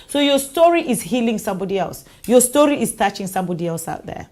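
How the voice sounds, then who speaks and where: A woman hosts an online talk show, speaking in a relaxed, conversational way. She reads out comments from viewers and responds to them as she goes. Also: a little high, quick pace.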